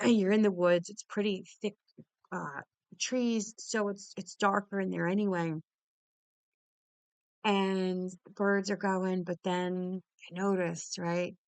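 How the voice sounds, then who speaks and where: A woman's voice: medium pitch, flat delivery, takes it slowly, a little mellow, clear, resonant tone, no echo. A woman telling a story in a casual, exuberant way, swearing freely, laughing often and restarting her sentences. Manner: many restarts and repeated words. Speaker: podcast host.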